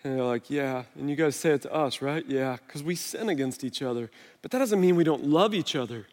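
A middle-aged man, a pastor on a body mic, preaching a sermon in a relaxed, conversational way and telling stories against himself. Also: a little high, brisk. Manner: conversational, self-deprecating storytelling. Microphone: wireless body mic. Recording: long hall reverb.

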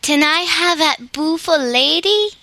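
Woman reader voicing a tiny storybook girl, high, slow, lisping baby talk, close and dry. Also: sharp tone, no echo, heavily acted. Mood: delighted. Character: small sobbing little girl.

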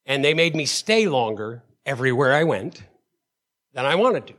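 A man's voice: mid-range voice, very animated, normal speed, a bit bright. A man preaching a sermon as pastor. He tells personal stories with emphatic call-outs to the congregation and often stammers and repeats words.

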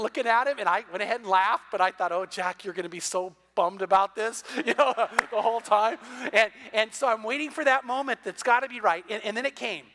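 A middle-aged man preaching a sermon, telling a story with a high, bright voice. He stumbles through quick restarts and acts out the voices of the people he describes. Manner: animated storyteller, many repeated "and, and" restarts, acts out quoted voices. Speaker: pastor.

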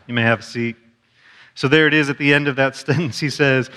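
A man's voice: medium pitch, steady tone, a little fast, pushed and bright. A man preaching a sermon as a pastor, in a conversational way with self-deprecating humor. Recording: long church hall reverb.

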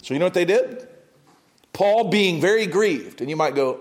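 A man preaching a sermon, reading scripture and breaking into animated asides to his congregation. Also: high voice, normal speed.

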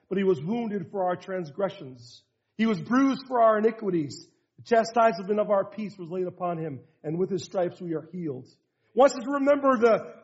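A man's voice: very high-pitched, a little mellow, lo-fi sound. A man preaching as a pastor, quoting scripture and telling a story from his family life in an earnest sermon. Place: church rally hall.

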